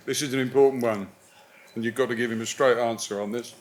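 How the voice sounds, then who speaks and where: A middle-aged man hosting a live club evening, jovially putting audience questions to his guest and reading them out briskly. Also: medium pitch, steady tone. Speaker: host. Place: club evening event indoors.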